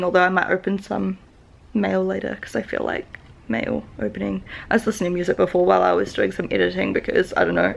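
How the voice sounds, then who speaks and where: Gravelly-voiced New Zealand woman, upset. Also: medium pitch. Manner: rambling, halting, with many likes and restarts. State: upset, holding back tears. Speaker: vlogger. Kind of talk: confessional vlog talk to camera.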